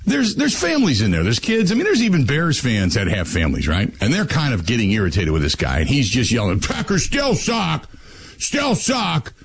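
Animated male sports radio host. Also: fairly low pitch, fast, few pauses, a little hiss or hum. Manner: animated storytelling, lively and joking. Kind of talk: casual sports talk radio.

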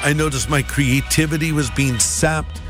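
Guy with a slightly high voice telling his testimony, animated, acts out the voices. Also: normal speed, over music. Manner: animated, acting out dialogue. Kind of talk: personal testimony storytelling.

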